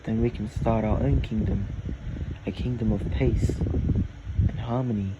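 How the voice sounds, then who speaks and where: A man's voice: on the low side, fairly even intonation, a little slow, natural voice. A man voicing a loyal, kind young man who keeps his word, in an earnest storytelling voice. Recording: loud air conditioning hum. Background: air conditioning.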